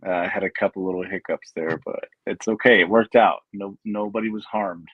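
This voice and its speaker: A man chatting as a guest in a relaxed way, laughing often and filling pauses with "uh". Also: sits low, no room sound, dull audio. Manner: laid-back, laughs often, hesitant fillers. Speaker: guest, paranormal investigator. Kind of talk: casual chat. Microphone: video call.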